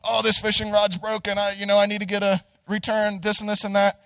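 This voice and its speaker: Half-drunk, insistent complainer, put on by a preacher mid-story, slightly raised pitch. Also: male voice, completely flat delivery, a little fast, a bit bright, no echo, big-room sound. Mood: whiny. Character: half-drunk man demanding a refund.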